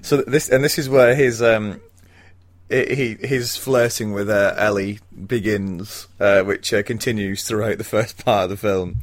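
Low-voiced man, laughing film chat. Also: steady tone, unhurried. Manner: laughs often, hesitant with fillers. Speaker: podcast co-host. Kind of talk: casual film podcast chat.

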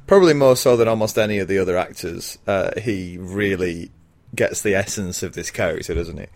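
A man's voice: low-pitched, brisk, darkish tone. A man in his thirties co-hosting a casual film podcast, often laughing and talking with many fillers and restarts. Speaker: podcast co-host.

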